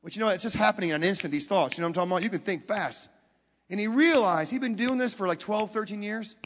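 A man preaching a sermon, telling a story with dramatic swings from hushed to loud and putting questions straight to the audience. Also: sits high, fast. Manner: talks directly to the audience with questions. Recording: long hall reverb.

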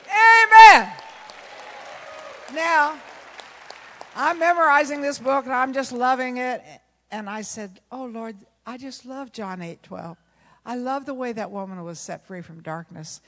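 A woman with a fairly high voice preaches with animated storytelling, acting out both sides of a conversation and laughing as she goes. Her voice carries a long reverb, as if recorded in a large hall. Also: moderate pace, some chatter behind. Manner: animated, acts out dialogue, laughs often. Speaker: pastor's wife and preacher. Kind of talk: sermon with storytelling.

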